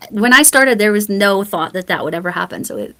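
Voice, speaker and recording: A woman's voice: medium pitch, lively intonation, brisk, fairly bright tone, slight background noise. A woman guest in a casual video interview, chatting in a friendly way and laughing between points. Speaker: interview guest, fellow creator.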